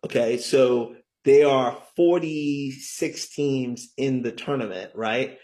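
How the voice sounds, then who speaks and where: A man's voice: mid-range voice, slow, darkish tone. A middle-aged man talking as a guest author in an interview, enthusiastic and often tagging his points with "right?". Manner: enthusiastic, keeps asking "right?". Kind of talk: conversational interview talk.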